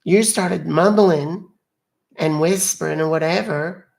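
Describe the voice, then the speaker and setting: A man's voice: fairly high pitch, slow, vocal fry, a little mellow, voice pushed up. A man voicing a fussy older lady on a phone call, sassy and talking down to the caller as "honey". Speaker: scambaiter. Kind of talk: prank call role-play.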